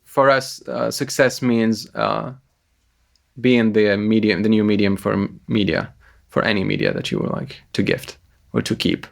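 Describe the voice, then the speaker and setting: A low-voiced man with a gravelly edge answers investor questions about his company. He pauses often and fills gaps as he searches for words. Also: expressive. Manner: hesitant, many uh fillers, occasional slips. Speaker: startup founder pitching. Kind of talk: pitch meeting answers.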